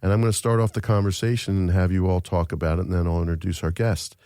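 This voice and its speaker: A man's voice: low-pitched, flat delivery, quick pace, warm tone, dry recording. A man hosting an interview from a studio, chatty and joking, with lots of fillers. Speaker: podcast host.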